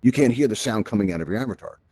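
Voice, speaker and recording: Fast-talking low-voiced man hosting. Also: expressive, dark tone, breathy edge, dry recording. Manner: chatty, keeps tagging lines with "right?". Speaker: host and presenter of a VR help event. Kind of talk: casual spoken tutorial. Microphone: VR headset microphone.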